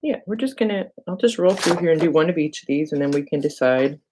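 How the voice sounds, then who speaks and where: Low-pitched lady chatting thru a live craft demo, laughs at herself, noisy recording w clicks. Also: fast talker. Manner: chatty and self-mocking, thinks aloud while working. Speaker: crafting channel host. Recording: steady background noise with clicks.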